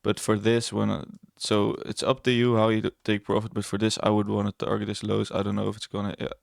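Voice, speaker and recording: This young man, a trading educator, rattles through a casual screen-share of his trades fast and completely flat, his lowish voice full of vocal fry. Blunt and a bit sarcastic, he rambles and corrects himself. Studio quality, no echo.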